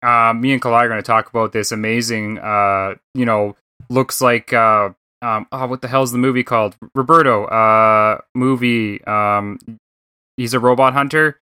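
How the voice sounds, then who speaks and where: Bright-voiced man hosting a gaming chat. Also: mid-range voice, steady tone, moderate pace, clean tone, no echo, studio quality. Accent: Canadian. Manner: rambling, swears casually, thinks aloud. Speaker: podcast host.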